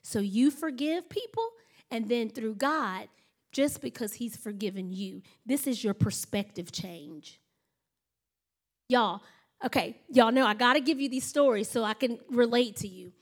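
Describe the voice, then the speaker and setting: High-voiced woman preaching a story sermon. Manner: storytelling, acts out quoted voices. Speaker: pastor.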